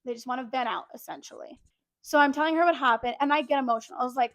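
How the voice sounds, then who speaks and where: A young woman telling a workplace story in casual, animated chat, full of fillers like "like". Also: sits high, rapid-fire, dry recording. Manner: animated, chatty, lots of "like". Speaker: podcast co-host.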